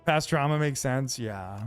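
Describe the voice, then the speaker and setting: While streaming a video game, a man with a gravelly, medium-pitched voice talks casually with viewers. He rambles in a relaxed, loose manner with lots of fillers.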